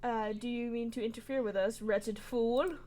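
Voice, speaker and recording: A woman's voice: fairly high pitch, steady tone, moderate pace, mellow, close to an everyday voice. A woman voicing a haughty young male aristocrat from a visual novel, speaking with lofty insults. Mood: scornful.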